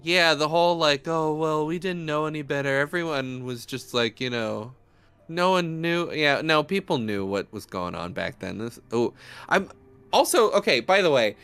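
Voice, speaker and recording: A man's voice: medium pitch, sing-song, normal speed, creaky, fairly bright tone, clean tone. An American man co-hosting a streamed game playthrough, rambling casually with lots of fillers and jokes. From United States. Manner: rambling, filler-heavy, joking. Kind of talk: casual chat.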